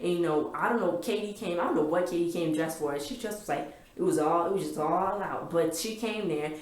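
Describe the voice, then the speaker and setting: Excitable woman rambling in a roomy echo. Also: lowish voice, fairly quick. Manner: rambling, excitable, filler-heavy storytelling. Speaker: TV recap vlogger. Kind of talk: casual episode recap.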